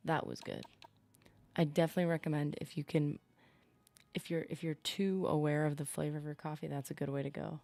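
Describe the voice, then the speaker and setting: A woman streams a game and chats casually with her viewers while she plays, rambling from one topic to the next. Her low-pitched voice is animated, fairly quick, creaky, and a little mellow.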